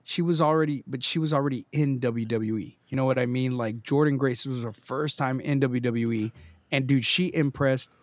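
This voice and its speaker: A man co-hosting a podcast, talking with excitement, swearing freely and teasing his co-host. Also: medium pitch, normal speed, dry recording. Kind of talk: casual podcast chat.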